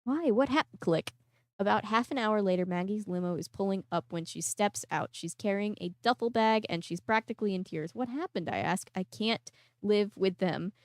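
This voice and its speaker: Smooth-voiced woman reading a novel aloud. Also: medium pitch, normal speed, no room sound. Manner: chatty asides, laughs at herself. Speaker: book reader and vlog host.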